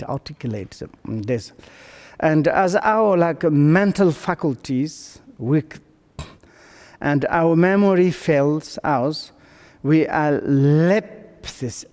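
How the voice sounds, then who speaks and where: Slow, halting older male Buddhist teacher. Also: medium pitch, warm tone. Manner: halting, searching for words in second-language English. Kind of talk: dharma teaching. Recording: long hall reverb.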